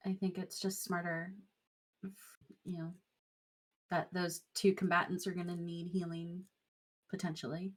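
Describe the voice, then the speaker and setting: A woman player in a tabletop game, calmly explaining her character's choices. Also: on the low side, measured pace, pauses often. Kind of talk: casual tabletop play.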